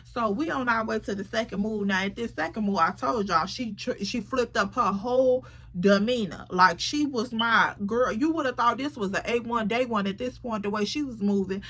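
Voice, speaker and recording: Woman, storytime vlog, bright tone, somewhat high voice, animated and slangy. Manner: animated, quotes friends in quick voices, slangy. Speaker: storytime vlogger. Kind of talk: casual storytelling to camera.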